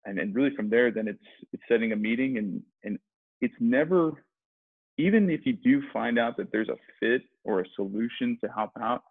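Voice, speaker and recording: Over a dry, tinny, phone-like line, a sales rep chats casually as a guest in a podcast interview, rambling and restarting often. His medium-pitched voice is animated at a moderate pace, creaky with a breathy edge.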